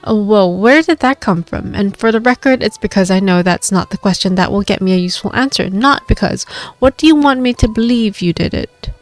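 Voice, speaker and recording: A woman's voice: mid-range voice, fairly quick, faint music behind, close to an everyday voice. A woman voicing a wry adult male detective with a dry way of talking.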